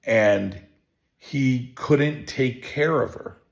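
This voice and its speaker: A chiropractor telling a personal story in a relaxed, rambling way, full of restarts and fillers. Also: male voice, medium pitch, extremely slow, gravelly. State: emotional. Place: home.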